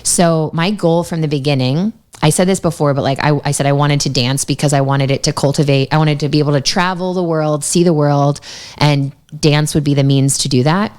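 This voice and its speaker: Low, smooth-voiced young woman storyteller. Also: brisk, darkish tone. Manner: chatty storytelling, many fillers. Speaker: yoga teacher and guest. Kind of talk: casual podcast interview. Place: podcast studio.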